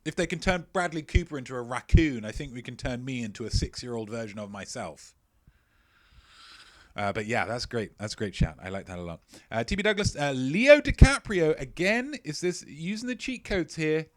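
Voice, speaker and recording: A man's voice: medium pitch, sing-song, moderate pace, no echo. A man hosting a live-streamed quiz, joking playfully and mocking himself as he rambles, often stumbling and repeating his phrases. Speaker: quiz host.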